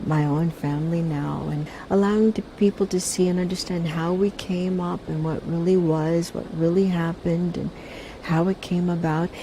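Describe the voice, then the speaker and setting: A woman in her fifties, a singer and actress, speaking softly as an interview guest and often restarting and repeating her words. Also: low voice, a little hiss or hum. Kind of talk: casual interview chat.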